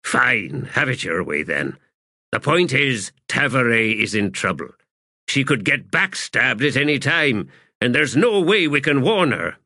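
A man doing a prickly, high-strung wizard. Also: big pitch swings, unhurried, pushed and bright, dry recording, clean studio sound, heavily acted. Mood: defensive. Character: sharp-tongued male wizard, prickly. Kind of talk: audiobook character voice.

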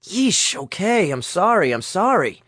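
A man's voice: fairly high pitch, normal speed, no room sound, clean studio sound, natural voice. A man voicing a sarcastic, contrary young man who grumbles and complains, in a storybook reading. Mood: sardonic. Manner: sardonic, complaining.

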